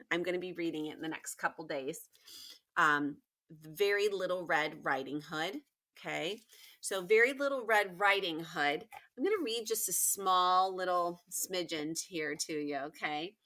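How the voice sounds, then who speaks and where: Woman teacher, recorded lesson for kids, bright, emphatic, repeats key points. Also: fairly low pitch, expressive, normal speed. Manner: emphatic, repetitive, encouraging. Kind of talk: recorded remote lesson for pupils.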